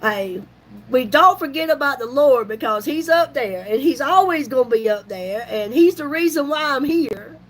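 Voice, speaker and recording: Chatty woman in her fifties, high-pitched. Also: moderate pace, poor audio. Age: 50s. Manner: chatty, folksy, animated retelling with laughs. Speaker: YouTube vlogger. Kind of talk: casual storytelling vlog.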